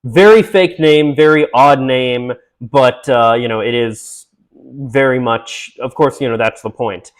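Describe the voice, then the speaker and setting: A man casually recapping a film, rambling with fillers and restarts, and briefly acting out the characters' lines. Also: mid-range voice. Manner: acts out characters' lines in quick voices. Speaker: movie recap host.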